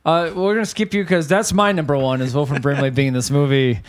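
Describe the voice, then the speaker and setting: A man co-hosting a casual movie-review chat, animated and joking, swearing freely. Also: fairly high pitch, fast. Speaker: podcast co-host.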